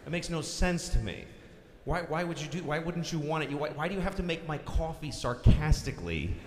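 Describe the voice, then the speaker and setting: A Boston stand-up comedian in his forties, with a fairly high voice and fairly quick delivery, rants profanely with deadpan asides. He performs live on a large concert hall stage, and the recording has long reverb and faint ambience.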